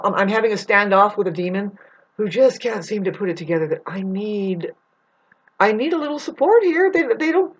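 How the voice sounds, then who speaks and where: A woman's voice: mid-range voice, slightly rough, muffled recording. A woman delivering a rambling, profane spiritual monologue to her viewers. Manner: intense, profane, digressive. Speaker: spiritual vlogger.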